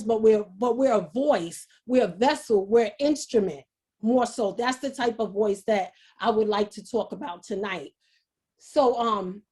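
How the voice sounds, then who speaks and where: A woman giving an earnest motivational talk over a video call, halting and repeating herself. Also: on the high side, darkish tone. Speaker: speaker.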